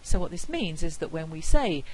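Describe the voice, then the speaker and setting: Low-voiced woman lecturing on phonetics. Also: big pitch swings, a little hiss or hum, low-quality recording. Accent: non-rhotic British English. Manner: clear, deliberate, demonstrates sounds slowly. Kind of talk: university lecture.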